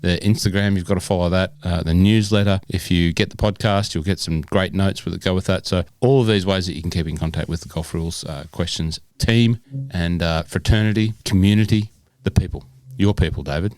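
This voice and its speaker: A man's voice: low voice, fairly quick, darkish tone, dry recording. A middle-aged Australian man co-hosting a podcast, chatting casually and rambling with many fillers. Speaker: podcast co-host. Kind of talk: casual chat.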